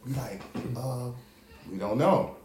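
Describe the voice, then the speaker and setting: A podcast co-host with a medium-pitched voice tells a wild story slowly but animatedly, in a loose, profane, laughing way during casual storytelling chat. The room is echoey, with faint noise.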